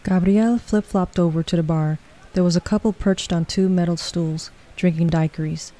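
Woman with a low, mellow voice reading a story. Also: fairly even intonation, normal speed. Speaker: narrator. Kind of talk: storybook narration.

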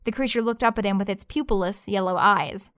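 A woman narrating a fantasy story in a lively, expressive reading. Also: medium pitch, brisk, smooth, no room sound, clean studio sound.

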